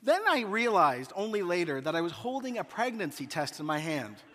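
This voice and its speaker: Pastor, man in his thirties, high bright voice, humorous animated sermon storyteller, long hall reverb. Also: moderate pace, slight background noise.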